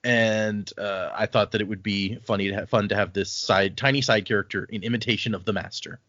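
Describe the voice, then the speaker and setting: A man's voice: fairly low pitch, fairly even intonation, fairly quick, fairly bright tone, no echo. A man co-hosting a book podcast who talks thoughtfully, reads out notes and hesitates with fillers. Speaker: podcast co-host. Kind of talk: casual book-club chat. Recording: dry, dull lo-fi audio.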